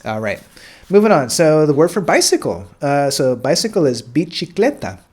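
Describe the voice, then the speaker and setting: An American man teaching a casual language lesson in a relaxed way, filling pauses with "uh" and "all right" and repeating words slowly. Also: a little high, husky. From United States.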